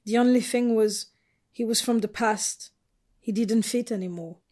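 A woman reading the part of Grant, a brash, rough-spoken butch woman, in a storybook narration. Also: fairly high pitch, normal speed, darkish tone, natural voice. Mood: sad.

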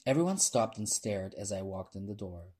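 A man reading a novel aloud as narrator, in a measured storytelling manner and voicing the characters' lines. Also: on the low side, lively intonation, darkish tone, slightly rough. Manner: measured storytelling, lifting voice for dialogue. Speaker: audiobook narrator. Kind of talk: scripted narration with character voices.

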